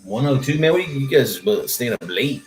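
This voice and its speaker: Man, casual joking chat, trailing fillers, middle pitch, roomy sound. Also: lively intonation, normal speed, faint music behind. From Central Texas. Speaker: co-host of a painting stream. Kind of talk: casual chat while painting miniatures. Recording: echoey room.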